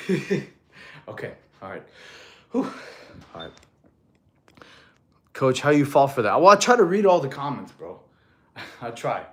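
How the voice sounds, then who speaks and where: A fitness coach, a man, chatting casually on a live stream, reading viewers' comments aloud, joking, laughing often and calling people bro. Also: medium pitch. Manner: counts out push-ups between answers.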